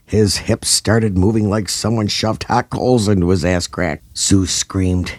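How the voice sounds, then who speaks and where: Deep-voiced man narrating a comedy. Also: fairly even intonation, unhurried, a little mellow, no echo. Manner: dramatic, over-the-top storytelling.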